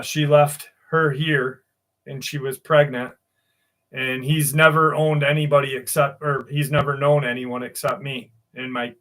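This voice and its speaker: Slow-talking crude livestream host, man. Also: fairly high pitch, fairly bright tone. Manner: crude, joking, swears freely. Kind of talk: casual livestream chat and story reading.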